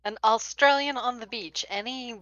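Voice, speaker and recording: A woman's voice: on the high side, normal speed, a bit bright, no room sound, highs cut off. A woman playing in a tabletop game, chatty and teasing. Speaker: player. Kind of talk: casual game chat.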